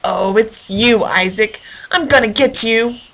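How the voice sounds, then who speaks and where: A woman voicing a big, slow male hippo who is gloomy and lonely, with plaintive, drawn-out speech, in a storybook reading. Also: on the high side, a bit bright. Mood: grumpy.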